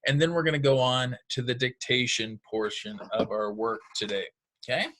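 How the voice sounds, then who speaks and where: A man's voice: mid-range voice, fairly even intonation, normal speed, a bit bright. A man teaching second graders a recorded phonics lesson, patient and encouraging, explaining step by step.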